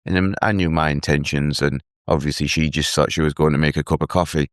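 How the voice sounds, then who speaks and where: An earnest man telling his own story as a guest in an interview, halting and restarting as he speaks. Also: a bass voice, fairly even intonation, no room sound, studio quality. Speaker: guest, mental health advocate. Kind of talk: emotional personal story in an interview.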